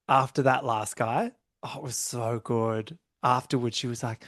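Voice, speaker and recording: A man hosting a casual podcast chat, animated and laughing often as he acts out quotes in exaggerated voices. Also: medium pitch, measured pace, no room sound, clean studio sound. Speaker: podcast host.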